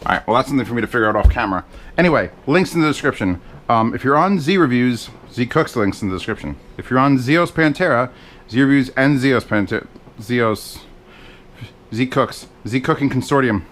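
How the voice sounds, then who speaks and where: A man talks his way through cooking in his home kitchen, his voice sitting at a middle pitch. He rambles and swears and mocks himself. A faint hiss runs under the recording. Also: lively intonation, fairly quick, a bit bright. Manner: rambling, profane, self-mocking asides. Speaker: cooking vlogger. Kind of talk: casual cooking vlog chat.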